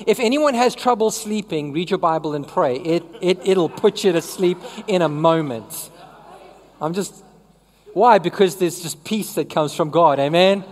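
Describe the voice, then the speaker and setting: A woman's voice: lowish voice, measured pace, darkish tone. Chatty woman preaching in a reverberant hall. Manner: conversational, asks the congregation questions. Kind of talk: sermon.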